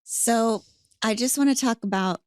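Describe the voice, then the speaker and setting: A woman's voice: on the high side, a little slow, clear, resonant tone, dry recording. A woman hosting a podcast, interviewing her guest and setting up questions. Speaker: podcast host. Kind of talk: interview conversation.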